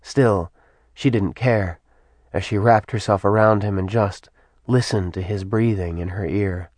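A man narrating an audiobook in a soft, even storytelling manner. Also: fairly low pitch, measured pace, dry recording. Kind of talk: scripted narration.

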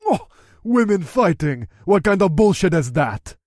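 A man voicing a disgusted, scoffing male orc in a higher, whiny tone. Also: sing-song, unhurried, a little mellow, no echo, clean studio sound, exaggerated voice. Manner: gagging, scoffing.

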